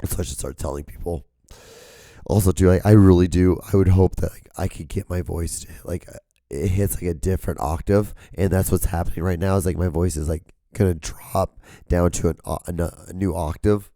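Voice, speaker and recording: A young man hosts his own podcast with a hoarse, strained voice that sits very low and dark. He rambles casually with many fillers and a slight upspeak. The sound is dry and close. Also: fairly even intonation, moderate pace, no room sound. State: hoarse, sore voice. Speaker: podcast host. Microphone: camera mic, solo filming.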